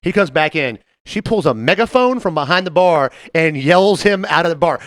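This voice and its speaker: A man co-hosting a podcast, telling a story in casual chat, animated and laughing often as he acts out the people in it. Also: a little high, moderate pace, hardly any pauses, no echo, clean studio sound. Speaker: podcast co-host.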